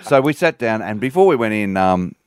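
A man's voice: fairly low pitch, very animated, brisk, smooth, dry recording. A man telling a wry anecdote on a podcast, casual and dry-humoured. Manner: wry anecdote telling, mimics people in quotes. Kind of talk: casual storytelling.

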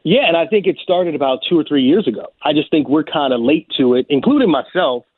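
A man's voice: on the high side, lively intonation, fairly quick, husky, dry recording. A man arguing basketball takes on a sports talk show, emphatic and confident. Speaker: basketball analyst. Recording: tinny phone-like audio.

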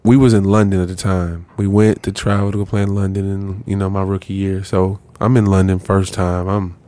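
Animated, slangy man telling a story. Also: low-pitched, fairly quick. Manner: animated, slangy, keeps saying "bro" and "swear to God". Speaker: podcast guest, former pro basketball player. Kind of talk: casual storytelling.

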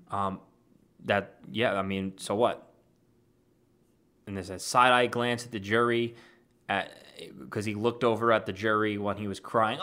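A man's voice: fairly low pitch, a little slow, sharp tone. A man giving an argumentative, dismissive reaction as an online commentator, reacting to a clip and reading posts aloud.

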